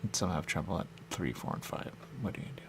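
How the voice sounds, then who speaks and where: A fast-talking radio host with a low, somewhat bright voice and lively intonation rambles through a musing monologue, slight background noise audible. It's loose and repetitive, and he keeps returning to the same stock phrases, "there you go" most of all.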